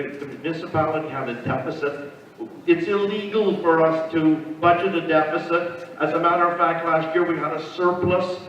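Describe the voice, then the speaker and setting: An older man campaigns for local office at a public meeting. His talk is halting, with restarts, and turns earnest. He is far from the mic in a long-echoing hall, and the sound is dull. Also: a little high, fairly bright tone, a little hiss or hum. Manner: halting, repeats words, then earnest. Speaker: municipal candidate. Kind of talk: candidate's speech at a public meeting.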